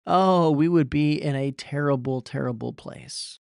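A man's voice: on the high side, measured pace, gravelly, a little mellow, smooth, no echo, clean studio sound. A young man from Iowa preaching a sermon, earnest and emphatic, his voice rising when he pleads. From Iowa, USA. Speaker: pastor.

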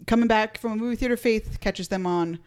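A woman's voice: on the high side, brisk, darkish tone, smooth. Chatty woman podcast host. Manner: chatty, recapping with playful asides. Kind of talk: casual podcast chat.

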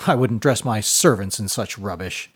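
A man's voice: lowish voice, moderate pace, husky. A man voicing a portly, scornful noble lord who gives curt, haughty commands.

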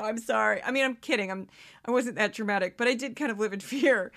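Woman, 50s, podcast host; animated, self-mocking, bright tone. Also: on the high side, a little fast. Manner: animated, self-deprecating, laughs often. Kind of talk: commentary podcast.

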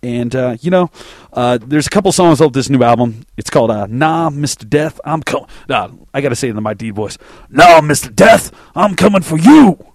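A man's voice: mid-range voice, fairly quick, darkish tone, no echo, studio quality. A man hosting a music podcast, chatting loosely between songs, self-deprecating and swearing casually.

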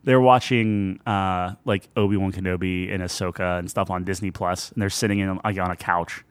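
A man's voice: deep voice, steady tone, normal speed, clean tone, no room sound. A man in his thirties co-hosting a casual chat, rambling and cutting himself off, often laughing. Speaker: podcast co-host.

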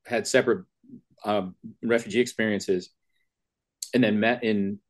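A man with a flat Midwestern accent, a podcast guest who talks loudly and casually, often restarting his questions mid-sentence. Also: lowish voice. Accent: flat Midwestern American. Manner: loud, halting, restarts questions. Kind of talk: casual conversation.

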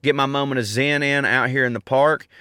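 Southern guy rambling in the park, smooth crisp voice, jokey. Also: medium pitch, fairly even intonation, a little fast, sharp tone, no echo, studio quality. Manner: rambling, joking, folksy. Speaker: podcast host. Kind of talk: casual morning monologue. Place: outdoors in a park.

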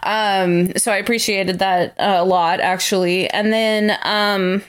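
A woman co-hosting a podcast in casual chat, animated and laughing often as she retells scenes. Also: mid-range voice, a little slow, clear, resonant tone. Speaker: podcast co-host.

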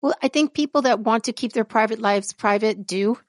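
Woman, podcast co-host, higher pitch, dry close sound, rambling casual chat. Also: fairly quick, no echo. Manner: rambling, laughs often, trails off mid-thought.

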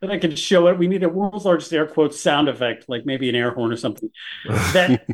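Sarcastic, animated podcast man. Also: fairly high pitch, fairly quick. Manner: sarcastic, animated, jokey asides. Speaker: podcast co-host. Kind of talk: casual political podcast chat.

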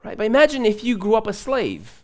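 A man's voice: high-pitched, wildly swooping pitch, a little fast. A man preaching a live sermon in church, from Moldova, chatty and conversational, laughing and adding asides. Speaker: pastor.

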